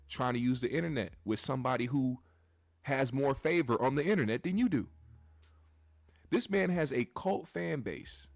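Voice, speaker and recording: A man's voice: mid-range voice, gravelly, dry recording. A man hosting a commentary show, talking bluntly and with plenty of profanity straight to his live chat audience.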